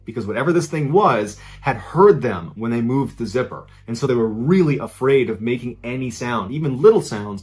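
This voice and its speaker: A man narrating a true spooky story in a suspenseful storytelling style, dropping to a hushed, low voice at the tense moments. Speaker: podcast storyteller.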